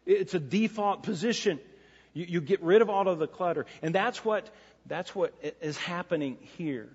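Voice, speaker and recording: A man's voice: high-pitched, moderate pace, breathy edge. A man preaching a sermon as pastor, earnest and repeating phrases for emphasis. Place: church sanctuary. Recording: lo-fi church recording with long reverb.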